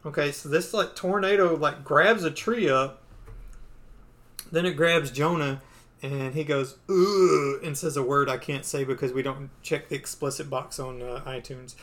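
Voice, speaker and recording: Man, podcast host, casual and playful, slightly high voice. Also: fairly even intonation, normal speed, a bit bright. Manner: casual, filler-heavy, playful. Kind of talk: casual chat, retelling a comic.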